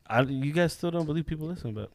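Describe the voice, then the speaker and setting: A young man co-hosts a podcast, cracking jokes and teasing his friends while laughing often. His voice sits a little high and carries a gravelly fry. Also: expressive, quick pace, no echo. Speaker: podcast co-host. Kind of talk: casual chat.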